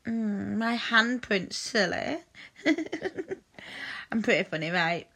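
A woman's voice: mid-range voice, creaky, fairly bright tone. A woman performing an intimate audio role-play, speaking in a coaxing, teasing and doting way.

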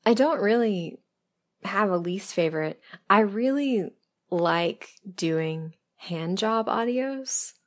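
A woman from the American South, a little hoarse, chatting candidly about writing and performing audio scripts in a relaxed question-and-answer style. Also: mid-range voice, slow pace. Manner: chatty and candid, laughing softly, self-deprecating. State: losing her voice. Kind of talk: casual interview-style Q&A monologue.

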